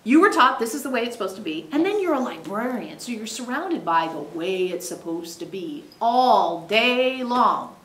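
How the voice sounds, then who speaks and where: A woman channeler speaking as "we" for a spirit group, giving an emphatic, animated teaching to a small live audience. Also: a little high, moderate pace, few pauses. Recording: echoey room.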